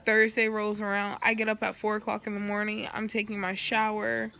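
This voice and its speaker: A young woman with a bright, forward voice and a gravelly fry at the ends of her phrases tells her story in a casual vlog. She is recovering after surgery, stops to burp now and then, swears freely and plays out the lines of everyone she quotes. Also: mid-range voice, completely flat delivery, a little fast. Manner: candid, swears freely, acts out quoted dialogue. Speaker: vlogger.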